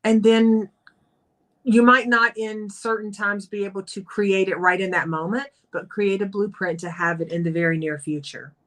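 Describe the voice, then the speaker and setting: A woman co-hosting a talk show, speaking calmly and in a measured way, slowing down as she closes the show. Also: mid-range voice. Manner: calm, measured, slows down to close. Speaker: co-host and coach. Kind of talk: reflective talk-show chat.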